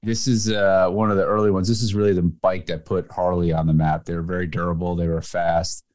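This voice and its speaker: A man's voice: sits low, level tone, brisk, darkish tone. A man from New Jersey, a guest on a podcast, talking about cars with enthusiasm and frequent restarts. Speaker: guest, magazine editor. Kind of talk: casual chat.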